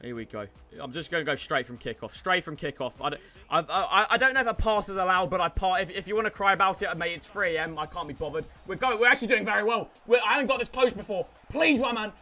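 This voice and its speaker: A young man giving excited gameplay commentary, breaking into sudden shouts and repeating catchphrases. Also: sits high, fast, soft background music. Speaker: gaming YouTuber.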